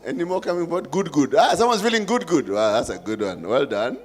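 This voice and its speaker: A man's voice: a little high, big pitch swings, fast talker, faint music behind. A man with a Kenyan accent hosting a live forum, coaxing and playful with the audience. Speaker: event host.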